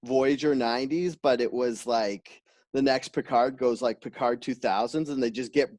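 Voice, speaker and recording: A man's voice: mid-range voice, fairly even intonation, a little mellow. Chatty laughing man on a podcast. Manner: laughs often, quick and chatty. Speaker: podcast host. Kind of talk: casual chat.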